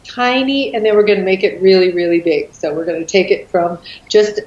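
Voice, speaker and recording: A woman's voice: mid-range voice, a little fast, a little mellow, reverberant, lo-fi sound. A woman from the United States leading a laughter yoga exercise in casual chat, giggly and instructive, laughing often between her words.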